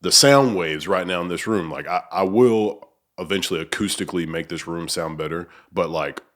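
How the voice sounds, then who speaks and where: Low-voiced male host, loose and rambling; casual chat in a small room. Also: normal speed. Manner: rambling, filler-heavy, searching for words. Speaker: podcast host. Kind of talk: casual conversation. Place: small untreated room with echoing walls.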